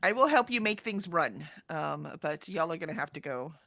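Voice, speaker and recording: Co-hosting a writing sprint live stream, a middle-aged woman chats casually and tells an animated story full of ums and "right?", acting out other people's lines. Her voice sits low at a moderate pace, and the recording is dry.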